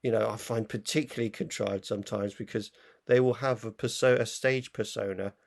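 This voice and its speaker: A man's voice: fairly low pitch, fairly even intonation, brisk, gravelly. A man co-hosting a film review show, talking in a rambling, casual way full of fillers and restarts. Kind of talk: casual chat.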